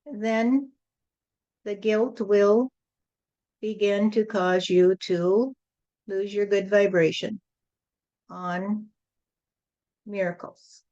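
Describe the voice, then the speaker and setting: A woman's voice: medium pitch, steady tone, very slow, pauses often, warm tone, dull audio. A woman channeling a spirit who gives a preachy spiritual lesson to a group and often repeats "you see".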